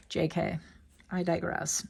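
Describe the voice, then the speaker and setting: A woman's voice: fairly low pitch, creaky, a little mellow, slightly rough. A woman giving a casual pick-a-card tarot reading, chatty and digressive with playful asides. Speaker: tarot reader.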